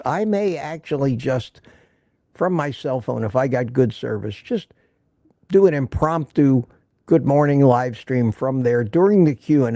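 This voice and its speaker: A man's voice: medium pitch, vocal fry, warm tone, dry recording, clean studio sound. An older man hosting a casual live stream from home, chatting and greeting viewers by name with frequent restarts. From United States. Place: indoors at home.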